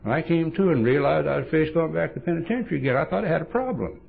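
A man's voice: on the high side, expressive, rapid-fire, gravelly, slightly rough, soft background music. A man giving a humorous storytelling talk as a recovery meeting speaker, blunt and wry, acting out bits of dialogue. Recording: dull lo-fi tape recording.

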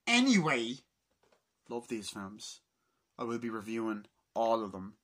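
A man's voice: mid-range voice, sing-song, unhurried, fairly bright tone. A man of twenty-two in a casual vlog, exasperated and swearing as he mutters to himself. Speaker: film collector vlogger.

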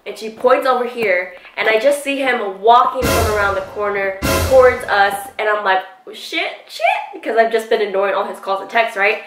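A woman's voice: medium pitch, moderate pace, hardly any pauses, far from the mic, noisy background. A woman vlogger telling a storytime, acting out quotes with lots of casual swearing. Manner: animated retelling with acted quotes and frequent swearing. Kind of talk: storytime vlog. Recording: echoey room, voice off-mic.

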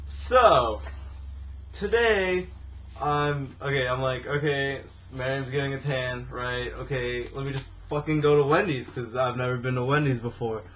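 A man's voice: mid-range voice, a little slow, fairly bright tone. A young man vlogging, complaining in an exasperated, profane rant straight to the camera. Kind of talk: casual ranting vlog. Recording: dull lo-fi audio with faint hiss.

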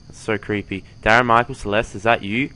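A man's voice: lowish voice, fairly even intonation, fairly quick, bright, forceful tone, slight background noise. A young man giving casual, sweary commentary while playing a horror game. He reads the game's dialogue aloud and makes sarcastic jabs at the characters. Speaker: let's play gamer.

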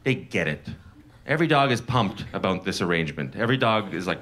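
Animated stand-up comedian. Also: male voice, deep voice, brisk. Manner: conversational, wry and animated. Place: comedy club stage. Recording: live comedy club crowd noise.

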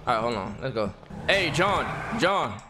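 A man's voice: mid-range voice, big pitch swings, unhurried, music in the background. A man chatting casually in slang during a roleplay stream, laid-back and repetitive. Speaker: streamer roleplaying a gang member.

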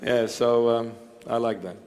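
A man preaching and answering questions before a congregation, halting with many fillers and joking now and then. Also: medium pitch, steady tone, darkish tone. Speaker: church bishop preaching. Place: church hall with congregation. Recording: long reverb of a large hall.

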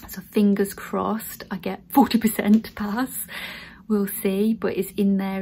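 A woman's voice: medium pitch, little pitch movement, takes it slowly, dark tone, a little hiss or hum, poor audio. A woman in her thirties, a student nurse, chatting casually to her viewers and talking them through things step by step. She sounds earnest and encouraging. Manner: chatty, addresses viewers as guys. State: tearful, emotional. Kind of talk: casual vlog.

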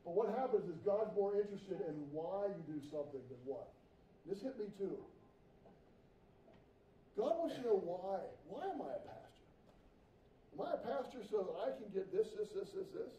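A middle-aged man preaches in a lively storytelling way, slipping into the voices he quotes. His voice sits high but mellow, and the recording picks him up from a distance in an echoey church, a little dull and muffled. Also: normal speed, pauses often, a little hiss or hum. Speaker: pastor. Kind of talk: sermon. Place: church sanctuary.

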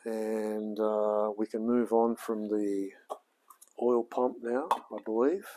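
Australian man, forties, unhurried speech, easygoing workshop chat. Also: fairly low pitch, steady tone, mellow. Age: 40s. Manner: easygoing, chatty, talks to himself while he works. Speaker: hobby mechanic streamer. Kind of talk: casual livestream chat while working. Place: home workshop.

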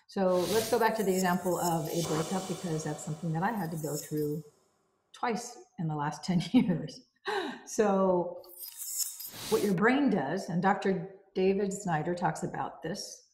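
A woman's voice: lowish voice, a little mellow, reverberant. A woman reviewing a self-help book in a casual way. She repeats key phrases and walks through everyday examples.

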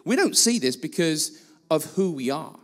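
Male guest preacher, high voice, blunt and self-deprecating, church-hall echo. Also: very animated, moderate pace. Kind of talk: sermon.

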